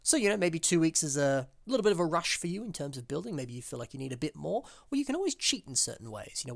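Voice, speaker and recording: A man's voice: medium pitch, gravelly, no echo. A man from Australia with an Australian accent, hosting and chatting enthusiastically about builds in casual commentary, with plenty of fillers. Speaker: host reviewing fan-built models.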